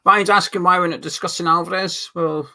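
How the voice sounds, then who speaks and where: Bright-voiced man reading fan comments. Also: high-pitched, steady tone, brisk. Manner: rambling, reads out viewer names and comments. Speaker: fan channel co-host. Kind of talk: casual football fan chat reading viewer comments.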